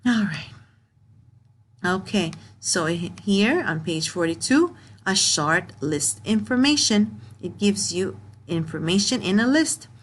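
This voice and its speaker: A woman teaching young pupils in a recorded grammar lesson, reading sentences aloud slowly word by word and patiently repeating herself. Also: mid-range voice, expressive, a little hiss or hum. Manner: repeats and restarts phrases.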